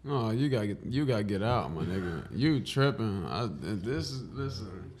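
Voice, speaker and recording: A man's voice: fairly low pitch, animated, moderate pace, a little mellow, slight background noise. A young man co-hosting a podcast, reacting emphatically and repeating himself to drive his point home. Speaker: podcast co-host. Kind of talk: casual podcast chat.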